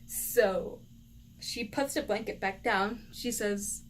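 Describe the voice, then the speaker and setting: A young woman vlogger animatedly retelling a personal story, lively and laughing often. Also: mid-range voice, slow, slight background noise.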